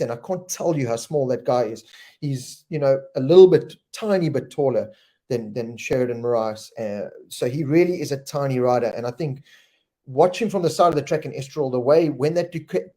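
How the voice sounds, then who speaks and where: A man hosts a live fan show in a relaxed, chatty way, reading out viewers' names and questions as they come in. His voice has a mellow, darker tone at a middle pitch. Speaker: host. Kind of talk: live-stream chat reading fan comments.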